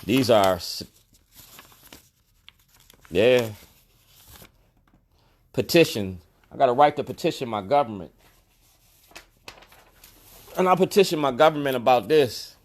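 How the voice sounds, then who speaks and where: A man's voice: mid-range voice, animated, slow, long pauses. Emphatic man repeating his points. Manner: emphatic, repeats key lines, colloquial. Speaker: store owner and activist vlogger. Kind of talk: direct-to-camera protest monologue.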